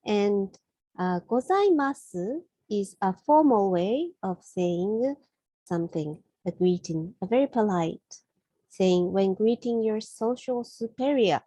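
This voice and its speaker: A woman from Japan with a Japanese accent gives a language lesson in a mellow, slightly husky voice. She explains slowly and carefully, often correcting herself mid-phrase. The recording is dry and close. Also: medium pitch, expressive, no echo, rough recording. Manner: slow, careful explanations with frequent self-corrections. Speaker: Japanese teacher.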